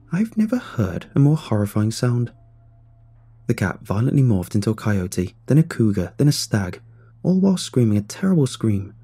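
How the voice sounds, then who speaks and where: A man tells a scripted horror story in a measured, ominous way. His voice sits low with a dark, mellow tone. There is a husky breathiness throughout. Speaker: narrator.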